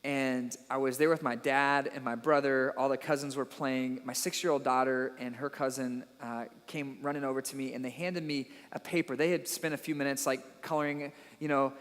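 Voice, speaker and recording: A man in his thirties, a pastor, telling a story in a sermon with animated, self-deprecating delivery and repeated words. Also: medium pitch, fairly quick, hardly any pauses, big-room sound.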